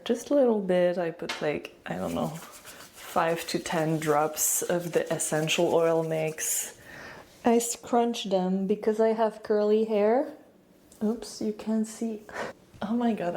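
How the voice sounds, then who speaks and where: A woman's voice: medium pitch, dark tone, a little hiss or hum. A woman with a French accent giving a chatty, casual hair-care tutorial at home, with frequent fillers and giggles. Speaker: beauty and wellness vlogger.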